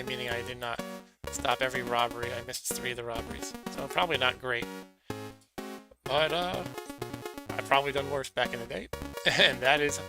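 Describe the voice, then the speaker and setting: A man's voice: medium pitch, gravelly. A man giving chatty, self-deprecating commentary while streaming an old computer game. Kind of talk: casual gameplay commentary.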